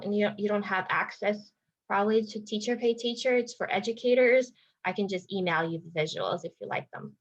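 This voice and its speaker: A woman's voice: on the high side, muffled recording. A woman speech therapist explaining strategies to parents in an informal, thinking-aloud teaching talk with frequent restarts.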